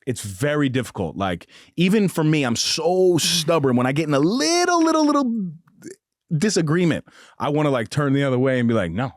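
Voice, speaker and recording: A man's voice: fairly high pitch, very animated, brisk, dry recording, studio quality. A man hosting a podcast, chatting casually and playfully, laughing often. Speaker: podcast host. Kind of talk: casual interview chat.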